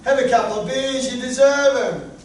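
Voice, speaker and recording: A man's voice: extremely high pitch, steady tone, moderate pace, voice pushed up. A man voicing his own indulgent inner voice, a coaxing, matey man tempting himself. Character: indulgent inner voice urging beers, coaxing male. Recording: echoey room, far from mic, noisy.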